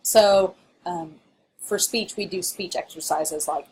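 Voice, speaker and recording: A woman's voice: fairly low pitch, slow, a little mellow, slight background noise. A woman with a Southern Illinois accent giving a recorded college English lecture, chatty and playful, with frequent laughs and asides.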